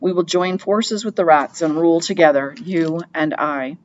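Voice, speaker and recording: A woman's voice: low-pitched, moderate pace, darkish tone, muffled recording, a little hiss or hum, lightly acted. A woman reading an audiobook, voicing a cold young male royal traitor who speaks coldly. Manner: cold with a slight tremor.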